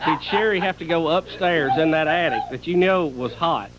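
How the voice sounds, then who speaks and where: A man co-hosting a radio show who cuts in with short, dry follow-up questions. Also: normal speed. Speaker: radio co-host. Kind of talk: radio banter. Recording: muffled broadcast with faint rumble.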